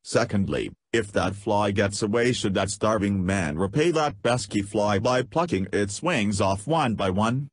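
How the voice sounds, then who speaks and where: A sneering, profane ex-soldier with a low, husky voice, as a man reads him out. The taunts come cold and cruel, recorded dry and close. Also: expressive, measured pace, few pauses, no echo.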